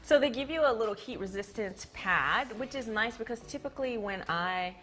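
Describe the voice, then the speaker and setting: A woman's voice: fairly high pitch, animated, moderate pace, bright, forceful tone, faint music behind. A young woman hosting a casual livestream product demo in a studio, talking chattily and playfully through a clip-on mic. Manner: chatty, filler-heavy, playful. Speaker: livestream host.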